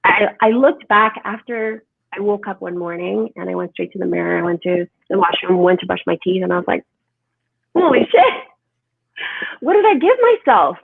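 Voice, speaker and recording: Woman talking holistic health, emphatic, gravelly edge, sounds like a phone line. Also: on the low side, brisk, dry recording. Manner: animated, emphatic, lots of "right?". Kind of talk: conversational interview. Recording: tinny phone-like line, dry.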